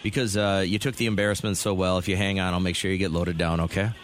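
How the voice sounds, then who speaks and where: A man co-hosting a radio show, chatting casually and telling funny stories in a joking, lively way. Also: low voice, quick pace, soft background music. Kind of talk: casual morning radio banter.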